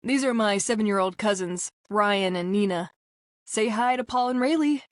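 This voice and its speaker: A woman voicing a confident, charming young man in a calm, even delivery, in a storybook reading. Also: mid-range voice, normal speed, no room sound, studio quality, close to an everyday voice. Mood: friendly.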